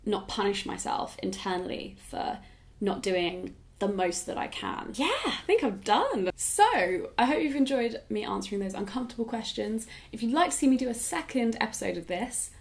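A woman's voice: medium pitch, expressive, moderate pace. A woman in her twenties, answering viewer questions in a casual, reflective way and often saying "like". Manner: reflective, frequent "like" fillers. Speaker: YouTuber. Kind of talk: casual talking-head Q&A.

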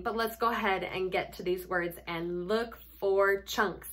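A woman teacher giving a phonics lesson to young children, sounding out letters and syllables with patient, gentle prompting. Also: mid-range voice, fairly even intonation, measured pace, hardly any pauses.

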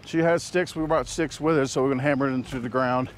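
A man's voice: mid-range voice, steady tone, fast talker. Guy vlogging in the woods on an action cam, rambly and jokey, faint noise around. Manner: rambling, joking, lots of fillers. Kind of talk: casual outdoor vlog. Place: outdoors in the woods. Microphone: action camera.

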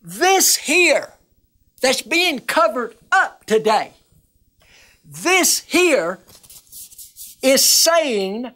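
This woman minister's high voice moves extremely slowly, with long pauses, as she teaches the Bible on a television broadcast. Earnest and emphatic, she repeats words when excitement takes over.

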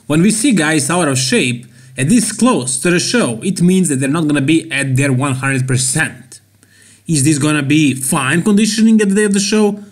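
A man from Serbia with a Serbian accent, hosting an opinionated bodybuilding commentary vlog and repeating key words for emphasis. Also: fairly high pitch. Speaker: bodybuilding channel host.

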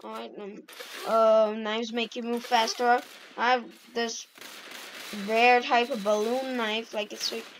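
A woman giving casual, excitable gameplay commentary and shouting at the game. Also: fairly high pitch, slow, slight background noise, low-quality recording. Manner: excitable, yelps and shouts at the game, self-mocking. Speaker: gaming YouTuber.

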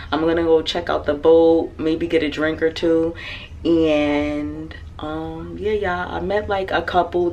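A woman travel vlogger chatting excitedly to camera in a cruise ship cabin, repeating herself often. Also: sits low, slight background noise. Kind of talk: casual chat to camera.

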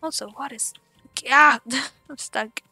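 High-voiced swearing game streamer. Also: female voice, slow pace, bright, forceful tone, dry recording, faint music behind. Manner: chatty, swears, laughs at herself. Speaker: let's play host. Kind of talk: casual gameplay commentary.

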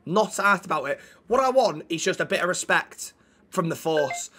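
A man's voice: high voice, expressive, moderate pace, noisy background. A man role-playing a police officer, ranting indignantly and swearing heavily. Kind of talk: role-play banter.

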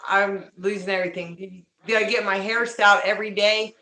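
A woman's voice: medium pitch, level tone, brisk, pushed and bright, echoey room. A woman chatting casually on a livestream, greeting viewers by name and talking to her pets at home.

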